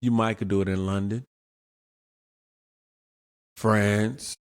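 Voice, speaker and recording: A man's voice: fairly low pitch, fairly even intonation, slow pace, smooth, no echo, clean studio sound. A man hosting his own show, giving casual commentary in an emphatic way, repeating his points and asking rhetorical questions. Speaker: show host.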